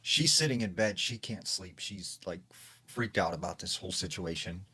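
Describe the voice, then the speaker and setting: Low-voiced man telling a true scary story. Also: normal speed, pushed and bright, husky. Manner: conversational, heavy use of "like", acts out quoted lines. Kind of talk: casual storytime narration.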